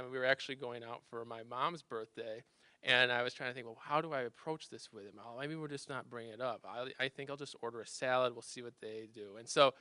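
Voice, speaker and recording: A man's voice: medium pitch, creaky, bright, forceful tone, no room sound. A man telling a personal story to a live audience in a chatty, self-deprecating way, often restarting his sentences. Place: campus lounge storytelling event.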